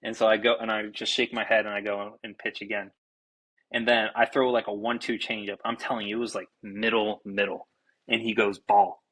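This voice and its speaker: A young man, a baseball pitcher and podcast guest, telling a story in an animated, casual way, swearing freely and restarting his sentences. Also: a little fast, rough recording. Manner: animated, self-described fiery, swears freely, many restarts.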